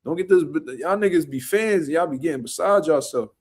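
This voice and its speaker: A young man, a boxer, telling animated, profane stories in street slang during a casual podcast chat. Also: on the high side, fairly quick, breathy edge.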